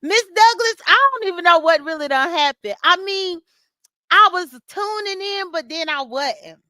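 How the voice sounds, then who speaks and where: A woman with an extremely high, sharp voice and lively intonation speaks at a moderate pace, recorded dry. She's a chatty vlogger recapping online drama in a casual morning chat while getting ready, laughing often and talking straight to viewers by name.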